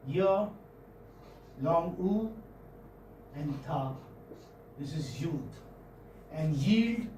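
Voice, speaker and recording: A man's voice: a little high, animated, darkish tone. A man with an Indian English accent teaching phonetics in a classroom, often repeating words and checking with his students. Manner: pauses often, repeats words, checks understanding with "hmm?" and "okay?". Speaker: English professor. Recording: echoey room from far off, faint noise.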